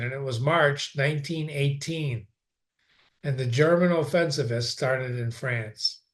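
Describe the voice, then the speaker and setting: A man reading a novel aloud in an unhurried way, sometimes stopping for a brief aside of his own. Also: medium pitch, a bit bright. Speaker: reader.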